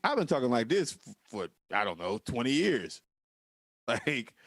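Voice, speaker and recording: Lively man, expressive storyteller. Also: mid-range voice, moderate pace, dry recording. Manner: animated storytelling, profane, emphatic. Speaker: podcast co-host. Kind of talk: casual political chat.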